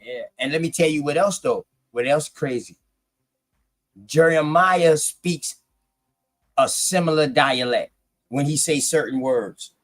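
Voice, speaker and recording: A man hosts a casual conversation in slangy, easygoing speech. His voice sits a little high for a man. He explains things step by step as he talks. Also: a little slow, fairly bright tone. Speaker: host. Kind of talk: casual chat.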